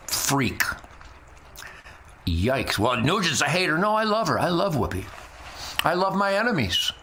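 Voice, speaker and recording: An older man hosting his own show in a brash, jokey, rambling monologue, full of boasts and shout-outs. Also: medium pitch. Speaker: show host.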